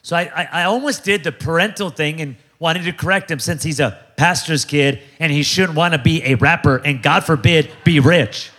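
High-voiced man preaching a punchy sermon. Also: normal speed, hardly any pauses, bright, forceful tone. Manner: punchy, joking, call-and-response preaching with repetition. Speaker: pastor. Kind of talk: energetic sermon.

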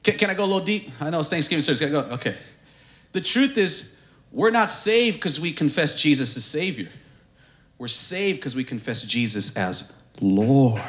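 Animated preaching man, high lively voice. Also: normal speed. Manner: swings from hushed to shouting, animated preaching. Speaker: pastor. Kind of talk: sermon.

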